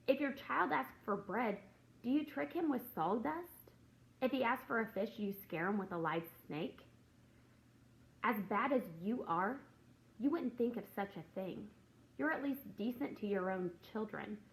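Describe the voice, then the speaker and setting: Poor audio captures a woman with a fairly high voice. She teaches and hosts Christian videos, and here gives an informal devotional talk to camera, telling a story and acting out talk from her classroom.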